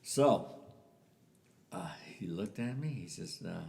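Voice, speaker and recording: Low gravelly older man telling a story. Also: measured pace, pauses often, slight background noise. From US Southwest. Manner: animated storyteller acting out quoted voices. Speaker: interviewee telling a family story. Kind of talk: casual storytelling. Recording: echoey room.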